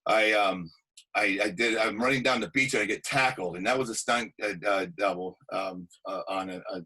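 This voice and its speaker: A man, an actor and stuntman, telling animated anecdotes in a casual interview, acting out quotes. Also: lowish voice, moderate pace, breathy edge, low-quality recording.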